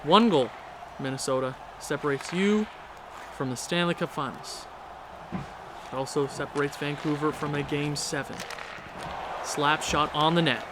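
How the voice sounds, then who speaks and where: A young man commentating his own hockey video game, swinging from low muttering to shouting at his team. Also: a little slow, long pauses, noisy background. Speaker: gaming YouTuber.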